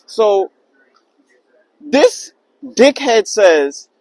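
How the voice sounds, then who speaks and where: High-voiced young man telling a story. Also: very slow, no echo, low-quality recording. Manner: slangy, animated retelling with acted quotes. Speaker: vlogger telling a personal story. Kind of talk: casual storytelling.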